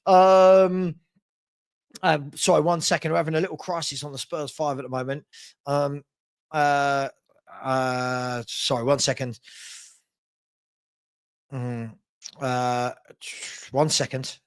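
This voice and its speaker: A man runs a live-stream Q&A, his voice sitting fairly high for a man. He talks casually and bluntly, trips over his words, and repeats phrases as he thinks out loud. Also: level tone, slow, pauses often, clear, resonant tone. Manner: blunt, opinionated, stumbles and repeats himself. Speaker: host answering viewer questions.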